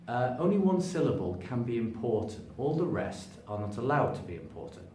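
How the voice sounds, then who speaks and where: A man moving at a slightly fast pace gives a spoken English pronunciation lesson to camera, stretching and stressing words to demonstrate each point in a lively, pitch-shifting manner. He stands before a sign in an echoey room, approaching and backing away from a distant camera, and faint noise sits under his far-off voice.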